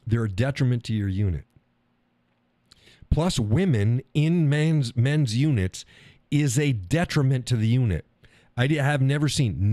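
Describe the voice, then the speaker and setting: A man's voice: medium pitch, dark tone, no echo. A middle-aged man hosting a live stream, talking casually in a blunt, profane way and laughing often. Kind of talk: casual opinionated monologue.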